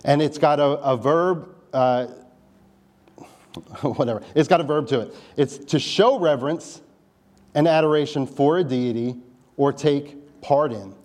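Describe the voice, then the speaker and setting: A man's voice: fairly high pitch, unhurried, a little mellow. A man preaching a sermon in a conversational style, with wry asides to the congregation. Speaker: pastor.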